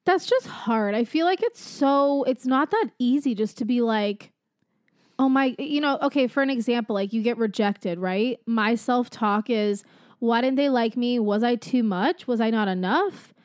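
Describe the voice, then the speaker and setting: A woman's voice: on the high side, normal speed, clean tone, no echo, studio quality. A woman co-hosting a podcast in casual chat, reading topics aloud and telling stories with quoted voices. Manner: animated storyteller who mimics conversations. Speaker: podcast co-host.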